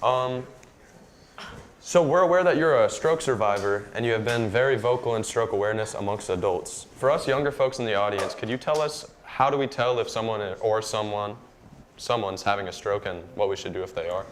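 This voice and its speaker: A man's voice: on the low side, a little fast, a little hiss or hum. A young man hosting a casual talk show, upbeat and chatty, asking his guest questions. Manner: upbeat and chatty, laughs between lines. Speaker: host. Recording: music in the background.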